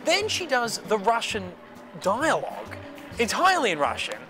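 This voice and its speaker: Actor talking freely between takes, bright and slightly high, with a soft music bed under him. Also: male voice, wildly swooping pitch, moderate pace. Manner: chatty, self-mocking, with fillers. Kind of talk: behind-the-scenes interview. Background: background music.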